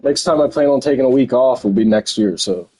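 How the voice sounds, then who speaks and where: Mellow-voiced man in casual game chat. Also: medium pitch, brisk, breathy edge, poor audio.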